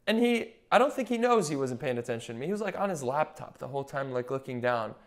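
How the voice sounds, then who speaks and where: This podcast guest is a young man employed as a nurse anesthetist, and he talks fast in a medium-pitched voice. He recounts stories casually and with energy, playing out others' dialogue.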